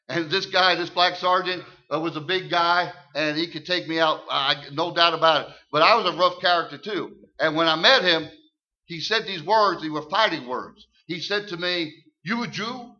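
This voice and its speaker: An older man preaching his testimony in church, emphatic and folksy, repeating words and swinging from hushed tones to loud shouts. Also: on the high side. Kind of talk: sermon testimony. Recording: muffled lo-fi recording.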